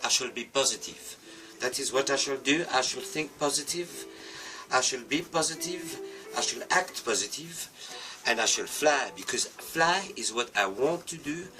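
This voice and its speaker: A man's voice: medium pitch, moderate pace, music in the background, close to an everyday voice. Man putting on a chirpy French bird. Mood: determined. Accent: put-on French. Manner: grandly determined, self-pep-talking. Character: cheerful male French bird with stumpy wings. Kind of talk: comic storytelling with a toy.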